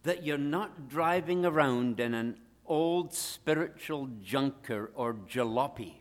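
A man delivers a sermon slowly and deliberately, his pitch rising and falling with real animation. He swings between loud, emphatic declarations and hushed asides. His voice carries a long reverb, as if in a large hall. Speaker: preacher.

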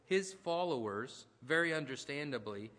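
A man's voice: medium pitch, animated, moderate pace, a bit bright. A man preaching a sermon, talking conversationally and telling personal stories with asides and restarts. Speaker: pastor. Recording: long hall reverb.

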